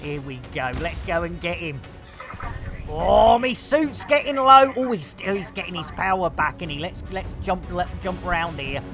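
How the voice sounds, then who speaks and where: A man with a Yorkshire accent streaming a game live, excitable, shouting taunts and British slang in bursts. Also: high-pitched, measured pace. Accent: English, Yorkshire. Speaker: gaming streamer. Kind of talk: live gameplay commentary. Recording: game music loud behind.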